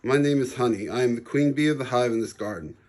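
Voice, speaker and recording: A man's voice: medium pitch, quick pace, darkish tone, close to an everyday voice. Casting: kindly, instructive queen honeybee for a storybook read-aloud, read by a man. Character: friendly female queen honeybee, patient teacher.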